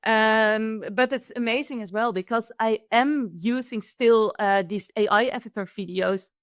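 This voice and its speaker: A woman with a Dutch accent speaks in a fairly high voice, eager and quick to restart her sentences as she explains things. The sound is dry and close, with almost no room echo. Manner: enthusiastic, restarts often. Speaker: guest, AI consultant. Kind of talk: conversational interview.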